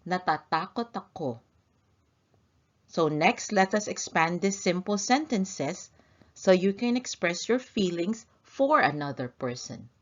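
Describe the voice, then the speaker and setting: A woman teaching vocabulary in a scripted language lesson, pronouncing each word slowly and deliberately. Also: on the low side, lively intonation, highs cut off. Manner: slow, deliberate, clear enunciation of vocabulary.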